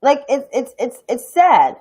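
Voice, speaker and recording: A woman's voice: high-pitched, very animated, unhurried, mellow, husky, poor audio. A young adult woman from New York City with a New York accent, giving a blunt, profane, heated political rant on her own stream. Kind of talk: ranting political commentary.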